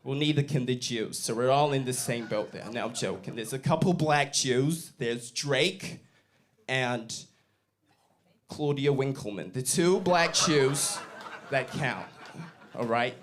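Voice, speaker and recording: A man's voice: medium pitch, slow. A young man from Bristol doing a brash, sweary stand-up set in a comedy club, baiting the crowd on a handheld mic. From Bristol, England. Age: young adult.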